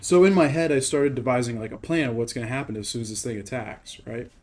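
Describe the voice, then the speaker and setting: Dark-voiced man telling a rambling story. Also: mid-range voice, fast. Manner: rambling, profane, heavy on fillers and rhetorical questions. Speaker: gaming channel host. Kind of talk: casual storytelling while playing a game.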